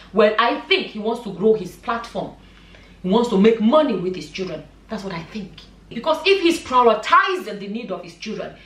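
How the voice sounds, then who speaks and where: A woman vlogger and mother giving her opinion in a passionate, emphatic way, repeating points for stress. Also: mid-range voice. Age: adult, a mother. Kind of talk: opinion vlog commentary. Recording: echoey room, mic at a distance.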